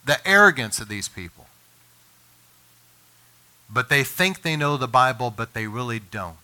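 Bright-voiced impassioned preaching man. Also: expressive, a little slow. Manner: impassioned preaching, rises in pitch and volume when emphatic. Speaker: pastor. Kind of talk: sermon.

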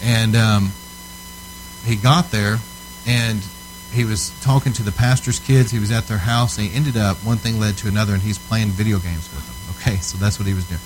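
Male preacher, lower register, conversational sermon delivery, earnest and emphatic. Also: fairly even intonation, normal speed, slight background noise, poor audio. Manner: casual storytelling, checks in with "Okay?". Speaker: preacher teaching on altar ministry.

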